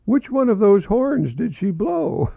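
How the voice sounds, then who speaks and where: A man's voice: high-pitched, sing-song, unhurried, vocal fry, warm tone, dry recording, voice pushed up, full character voice. An older man voicing a literal-minded little boy as he reads children's jokes aloud in a raised, childlike voice. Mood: playful.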